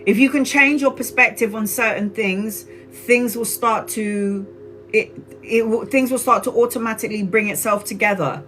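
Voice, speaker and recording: A woman giving live-stream tarot readings in an excitable way, often laughing and exclaiming, and calling viewers sweetheart. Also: a little high, moderate pace, faint music behind, low-quality recording. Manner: affectionate, calls viewers sweetheart. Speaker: tarot reader.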